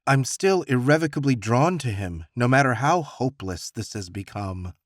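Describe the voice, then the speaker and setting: A man reads a first-person romance audiobook in a mid-pitched voice with lively, expressive inflection. His storytelling feels reflective and intimate. The recording is close and dry, with no room sound. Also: moderate pace, no echo. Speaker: audiobook narrator.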